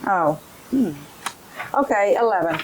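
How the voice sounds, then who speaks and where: Slow-talking woman training teachers. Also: medium pitch, animated, heavy background noise. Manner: directive, repeats instructions, models phonics drills aloud. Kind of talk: instructional training session.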